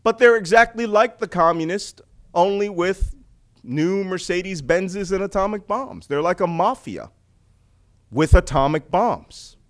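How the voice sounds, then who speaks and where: A middle-aged man from the United States giving an animated public talk on intelligence, full of rhetorical questions and jokes. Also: high voice, a little slow. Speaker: speaker on intelligence.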